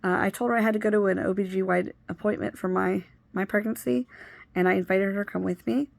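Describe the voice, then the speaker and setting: A woman's voice: mid-range voice, fairly even intonation, quick pace, creaky, dry recording. A woman telling a personal story in a casual, candid way, blunt and swearing freely. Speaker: vlogger recounting a personal story.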